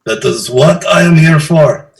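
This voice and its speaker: A man voicing a huge, good-natured warrior who speaks in stiff, careful sentences. The voice sits high for a man, with a gravelly edge. It sounds set back from a distant mic. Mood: earnest. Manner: slow formal phrasing without contractions. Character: earnest gentle giant man, formal stiff speech.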